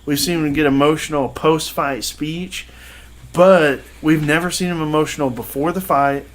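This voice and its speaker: A man's voice: fairly high pitch, fairly even intonation, moderate pace. A man co-hosting a podcast, telling a sports story in casual, rambling chat with lots of "uh" and "you know.". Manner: rambling storytelling with many fillers. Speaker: podcast co-host.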